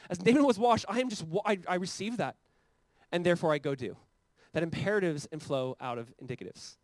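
A male pastor preaches in a rapid, conversational way, with a fairly high voice that climbs and grows loud when he stresses a point. The sound is close and dry, with little room echo. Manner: conversational preaching, rising to fervent emphasis. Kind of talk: sermon.

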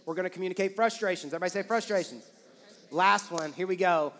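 Male pastor, casual animated sermon, slightly high voice, big hall reverb. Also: fast. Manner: casual, animated, acts out quoted lines. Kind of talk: sermon with couple's banter. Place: church auditorium. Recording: long reverb of a church hall.

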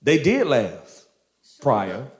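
Male preacher, casual storytelling sermon, slangy, lively pitch swings, medium register. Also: drawn-out words. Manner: animated, slangy, laughs often.

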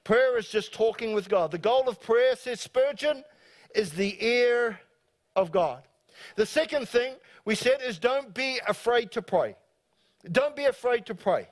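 A man with a New Zealand accent preaching a lively sermon to his church, joking and acting out voices. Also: extremely high pitch, measured pace. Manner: animated, joking, acts out quoted voices. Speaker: pastor. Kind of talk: live sermon. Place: church service before a congregation.

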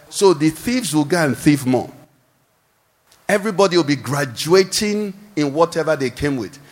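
Pastor preaching loud and lively, voice swings all over, big echoey church hall. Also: male voice, fairly high pitch, moderate pace. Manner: animated preaching with call-and-response questions. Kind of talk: sermon. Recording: echoey hall with long reverb.

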